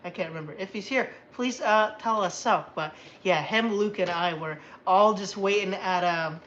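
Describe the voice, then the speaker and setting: A woman's voice: mid-range voice, normal speed, highs cut off, a little hiss or hum. Tired, rambling woman livestream host. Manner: rambling, chatty, excitable. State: tired after a long day. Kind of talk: casual livestream chat.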